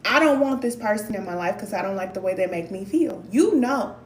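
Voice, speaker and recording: A woman's voice: mid-range voice, animated, brisk, roomy sound, slight background noise. A woman from Missouri giving a blunt, emphatic motivational talk as a spiritual life coach.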